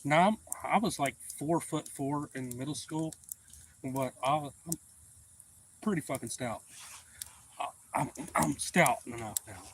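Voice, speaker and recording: A man hosting a livestream, telling profane stories in a casual, animated way and acting out the voices of the people in them. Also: on the high side, a little slow, pauses often, a little hiss or hum, poor audio. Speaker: livestream host. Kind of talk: casual storytelling.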